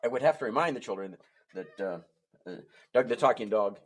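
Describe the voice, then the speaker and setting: A man's voice: fairly low pitch, lively intonation, fairly quick, a little hiss or hum. A man performing as a musical ventriloquist, patiently explaining things to young audiences between puppet bits. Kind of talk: ventriloquist show patter.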